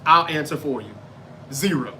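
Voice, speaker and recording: Southern US male host, slightly high, punchy bright tone, casual and profane, talks straight to chat. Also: lively intonation, moderate pace, slight background noise. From Memphis, Tennessee. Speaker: livestream show host. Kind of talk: casual chat reading viewer comments.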